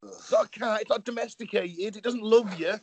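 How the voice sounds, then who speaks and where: A man's voice: high-pitched, a little fast, creaky. A man co-hosting a casual podcast, chiming in with blunt, sweary asides. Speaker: podcast co-host. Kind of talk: casual banter.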